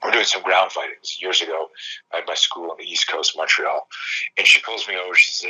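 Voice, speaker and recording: A man in his fifties, a self-defense coach telling stories in casual conversation, animated and profane, acting out quoted dialogue. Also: low-pitched, normal speed, breathy edge, low-quality recording.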